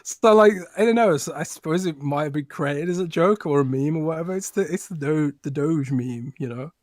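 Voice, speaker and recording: A man's voice: a little high, fairly quick, dry recording. Chatty British man on a podcast, dry sound. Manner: chatty, laughs easily, many restarts. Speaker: podcast co-host. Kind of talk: casual podcast chat.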